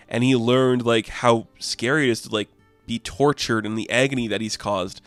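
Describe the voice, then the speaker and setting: A man's voice: mid-range voice, fairly even intonation, normal speed, a bit bright, no room sound, soft background music. A man casually recapping a comic book issue, chatty and enthusiastic.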